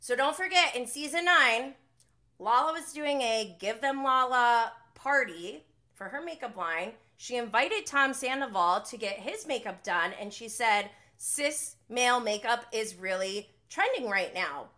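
A young woman hosts a casual live podcast recap with a bright, lively voice. She drifts between quiet, muttered asides and fired-up rants. Her delivery stays loose and conversational throughout. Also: fairly high pitch, unhurried. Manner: chatty, animated, swings between muttering asides and heated rants. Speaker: podcast host.

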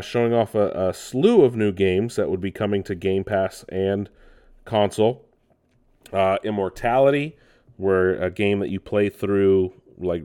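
A man's voice: deep voice, a little mellow. A man hosting a casual gaming news podcast, talking loosely with lots of ums and restarts. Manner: loose, rambling delivery full of ums and restarts. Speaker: podcast host.

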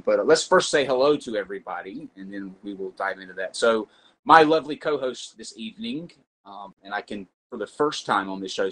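A man's voice: lowish voice, a bit bright, rough recording. A man hosting a casual chat show, joking around and rambling with lots of fillers. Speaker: host.

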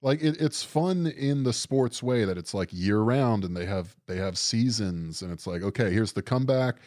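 A man's voice: on the low side, expressive, moderate pace, a little mellow, no echo, clean studio sound. A young man chatting casually on a podcast, rambling and sardonic, swearing often and leaning on fillers. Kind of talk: casual chat.

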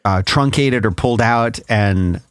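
A man from Philadelphia co-hosting a podcast, chatting casually and often pausing to search for words. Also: fairly low pitch, smooth, dry recording, clean studio sound. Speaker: podcast co-host. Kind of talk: casual chat.

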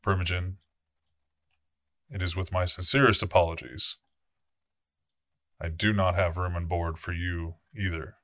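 Man doing a stern vampire prince, male, commanding and formal, curt swearing, forceful bright voice, dry close sound. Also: deep voice, steady tone, dry recording. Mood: grave. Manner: authoritative, measured orders with blunt swearing.

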